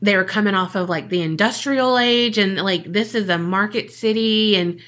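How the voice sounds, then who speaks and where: Bright, profane woman telling a crime story. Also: medium pitch, moderate pace. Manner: profane, jokey, acts out quoted people. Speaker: podcast co-host telling a case. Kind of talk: casual true-crime storytelling.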